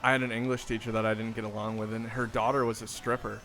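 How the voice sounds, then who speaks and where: A man's voice: lowish voice, flat delivery, a bit bright. A man co-hosting a casual chat, telling stories with sarcastic jokes. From northern US. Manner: sarcastic storyteller, quick jokes. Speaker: podcast co-host.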